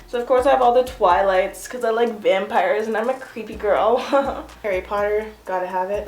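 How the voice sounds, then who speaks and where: A young woman giving a casual, self-mocking tour of her home art studio, chatty and giggly. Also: medium pitch. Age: young adult. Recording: echoey room.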